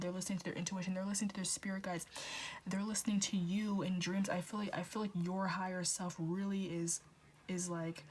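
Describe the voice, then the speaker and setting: A woman doing a casual tarot reading, talking in an animated, repetitive way with swearing and stumbles. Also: lowish voice, a little hiss or hum. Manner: animated, repetitive, profane, often restarting words. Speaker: tarot reader.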